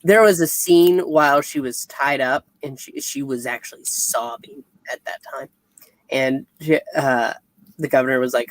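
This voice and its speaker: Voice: mid-range voice, normal speed, no room sound, poor audio. A comic review co-host in casual chat who retells scenes by acting out the characters' quoted lines.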